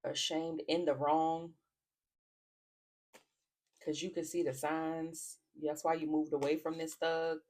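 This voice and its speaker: A woman's voice: low voice, level tone, slow, pauses often, darkish tone. Blunt laughing woman tarot reader. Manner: blunt, profane, frequently laughing. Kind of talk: casual tarot reading to camera.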